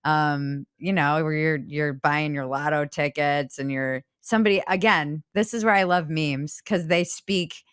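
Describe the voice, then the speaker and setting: A woman's voice: low-pitched, a little slow, few pauses, a bit bright, clean tone, no room sound, studio quality. A woman hosting a podcast interview, chatty and self-deprecating. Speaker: podcast host. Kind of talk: casual interview chat.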